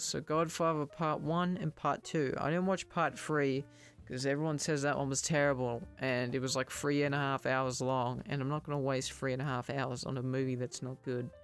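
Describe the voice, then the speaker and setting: A man's voice: on the high side, clear, resonant tone. A young man hosting a casual solo podcast, rambling, joking at his own expense and stumbling over words. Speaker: podcast host.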